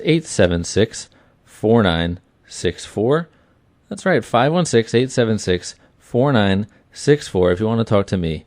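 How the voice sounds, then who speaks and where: A man in his thirties hosts a casual sports talk radio show in a small studio, his voice sitting on the low side and sounding close and dry. He talks with lots of energy and chatty asides, and keeps repeating phrases for emphasis. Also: darkish tone, no echo. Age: 30s.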